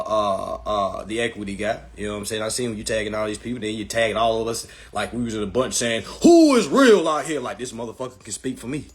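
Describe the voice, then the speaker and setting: A man hosting a live stream, answering viewers' questions from chat in a blunt, profane, ranting way while promoting his class. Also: on the low side. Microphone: phone.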